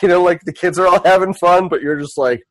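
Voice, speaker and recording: A man's voice: high-pitched, quick pace, a bit bright, no echo, poor audio. A man taking part as a player in a tabletop game, chatty and self-deprecating. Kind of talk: casual tabletop role-play.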